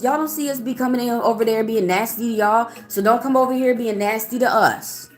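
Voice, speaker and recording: A woman's voice: on the high side, a little fast, hardly any pauses, soft background music. A woman giving a live-stream tarot reading and answering viewers, talking bluntly and heatedly and swearing often. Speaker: tarot reader.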